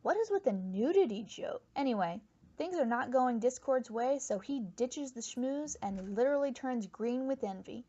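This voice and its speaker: A woman's voice: fairly high pitch, expressive, moderate pace, dark tone. A woman hosting a comedic cartoon review, making wry, sarcastic asides. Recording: dull lo-fi mic with faint hiss.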